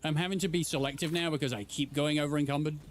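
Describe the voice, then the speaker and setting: A man streaming a game playthrough, talking casually in a joking, excitable way. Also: fairly high pitch, very fast, slight background noise. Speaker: gaming streamer. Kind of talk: casual let's play commentary.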